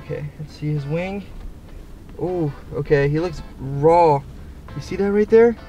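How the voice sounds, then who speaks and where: Soft-spoken man with music behind. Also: on the high side, measured pace, dull audio. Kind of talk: casual vlog talk.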